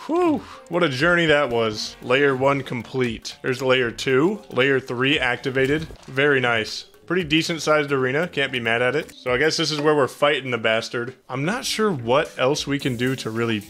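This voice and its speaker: Brief: young male gaming host, sharp, tense voice, excitable and profane, soft music underneath. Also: mid-range voice, moderate pace, few pauses. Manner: excitable, profane, panicky outbursts. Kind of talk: gameplay commentary.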